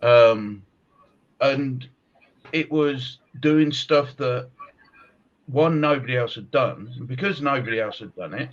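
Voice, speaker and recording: Animated man, dull lo-fi sound. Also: mid-range voice, slow, long pauses. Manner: animated storyteller, laughs often. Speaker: podcast host, martial arts coach. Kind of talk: casual chat.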